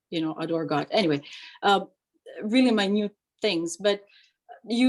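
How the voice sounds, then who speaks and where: A woman's voice: medium pitch, a little mellow, low-quality recording. Woman teaching chant, sings examples. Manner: explains with sung demonstrations; frequent fillers and "right?" checks. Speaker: chant instructor. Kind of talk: online workshop teaching.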